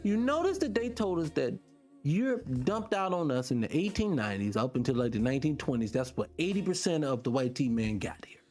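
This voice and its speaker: A middle-aged man hosts a radio show, speaking fairly quickly and casually to listeners. He's animated, asks lots of rhetorical questions, and his pitch jumps when he gets excited. Faint music plays behind him.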